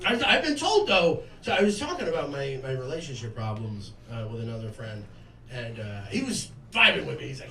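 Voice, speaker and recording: A man's voice: mid-range voice, big pitch swings, fairly quick, vocal fry, pushed and bright. A man in his twenties doing a stand-up comedy set, jovial, crude and self-mocking. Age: 20s. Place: comedy club stage. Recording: roomy club sound from a distance with audience laughter.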